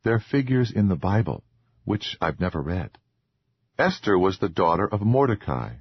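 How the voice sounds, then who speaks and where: A man voicing a meek, earnest young wife with a soft, pleading, formal way of speaking. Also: sits low, big pitch swings, moderate pace, breathy edge, no echo, dull audio, heavily acted.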